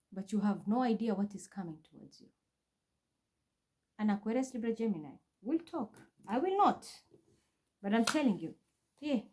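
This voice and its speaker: A spiritual reader vlogger records herself at home, her voice a little high with a darkish tone. The monologue she delivers to camera is agitated, intense, accusatory and full of repetition.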